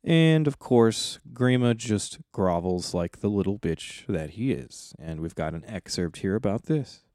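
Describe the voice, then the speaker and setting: A man co-hosting a casual podcast, summarizing a story in a relaxed, crude way. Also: on the low side, a little slow, no room sound, clean studio sound. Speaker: podcast co-host. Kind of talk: casual chat.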